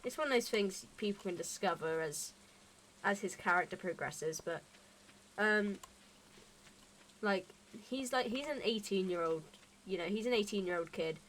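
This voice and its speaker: A woman's voice: mid-range voice, moderate pace, a bit bright, slight background noise. A young adult woman streaming a game and chatting casually, rambling and often restarting her sentences. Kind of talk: casual chat while gaming.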